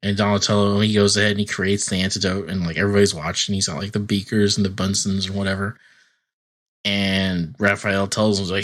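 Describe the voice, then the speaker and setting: Man, podcast co-host, fairly low voice, rambling casual recap, lots of filler words. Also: level tone, brisk, a bit bright. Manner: rambling storytelling, many "like" fillers, acting out quotes. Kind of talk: casual chat recapping a cartoon episode.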